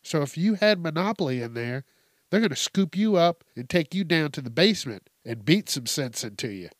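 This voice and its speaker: A man's voice: a little high, a little fast, no echo, studio quality. A man hosting a casual, profane news commentary show, telling odd stories with cursing and laughter. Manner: animated storytelling with heavy cursing and laughter. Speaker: host.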